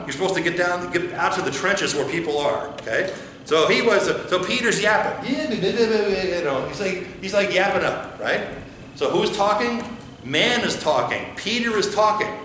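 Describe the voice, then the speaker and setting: Male American pastor, slightly higher voice, chatty sermon full of questions, echoey church room. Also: sharp tone, slight background noise. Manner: conversational, asks the congregation questions. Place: church sanctuary. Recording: echoey church with faint ambience.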